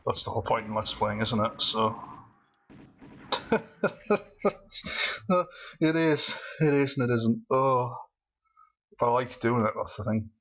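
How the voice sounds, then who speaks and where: A husky-voiced man talks through a video game with a cold, rambling from one thought to the next and breaking into laughter. He sounds manic and all over the place. The recording is a little dull and muffled. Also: medium pitch, fairly even intonation, takes it slowly, long pauses, fairly bright tone. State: has a cold. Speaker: let's play commentator. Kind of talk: casual gameplay commentary.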